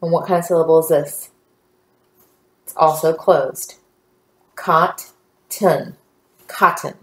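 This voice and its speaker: A woman's voice: low voice, steady tone, moderate pace, darkish tone. A woman teacher giving a phonics lesson to young children, guiding them patiently step by step. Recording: echoey room.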